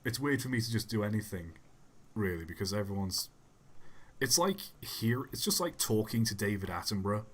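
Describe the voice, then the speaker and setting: Soft-spoken young man, low voice. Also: expressive, fairly quick, husky. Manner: soft-spoken, rambling, self-deprecating. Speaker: YouTube channel host. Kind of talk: casual livestream Q&A while gaming.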